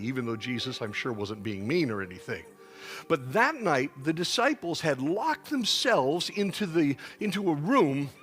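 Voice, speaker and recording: A man's voice: fairly high pitch, a bit bright. Pastor preaching to his congregation. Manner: teaching, leads the congregation in call-and-response. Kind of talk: sermon at a church dinner.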